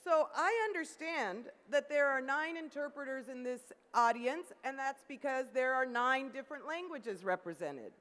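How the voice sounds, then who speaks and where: High-voiced woman speaker in a reverberant hall. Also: lively intonation, normal speed, hardly any pauses, fairly bright tone. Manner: upbeat, coaxes the audience to call out. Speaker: keynote speaker. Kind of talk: interactive conference keynote. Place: large conference hall.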